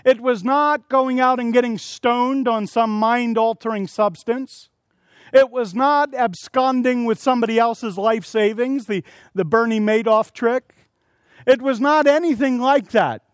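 A man preaching an evening sermon, telling stories and acting out quotes in a lively, animated way. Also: very high voice, unhurried, no room sound. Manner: storytelling with acted-out quotes and shouted asides.

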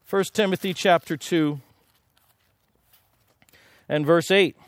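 High-voiced preacher man, dry sound. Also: steady tone, slow pace, no room sound. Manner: conversational, with rhetorical questions and asides. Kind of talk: sermon.

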